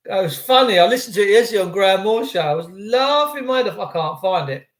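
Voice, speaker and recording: A high-voiced man chats loosely to his livestream viewers, greeting them by name and wandering from topic to topic. His voice rings around an echoey room. The talk stays casual and rambling throughout. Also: lively intonation, fast talker. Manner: chatty, rambling banter with viewers. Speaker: livestream host.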